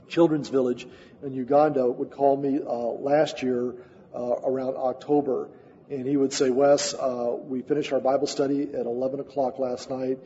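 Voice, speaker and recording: Man, missionary preacher, earnest storyteller, quick delivery, mellow tone. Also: medium pitch, a little hiss or hum. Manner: earnest storytelling with frequent uh fillers. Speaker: missionary speaker. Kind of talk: sermon testimony. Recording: dull sound with long hall reverb.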